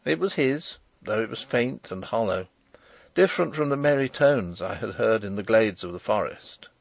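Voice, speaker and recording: Brief: male audiobook narrator, measured and expressive, close and dry. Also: on the low side, creaky, no room sound. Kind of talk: scripted narration of a novel.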